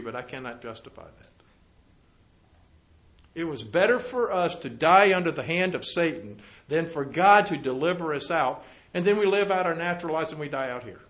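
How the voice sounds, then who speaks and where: High-voiced preacher, loud then hushed. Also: male voice, expressive, moderate pace. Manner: swings from loud emphatic reading to low quiet asides; rhetorical questions to the congregation. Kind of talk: sermon reading and explaining scripture.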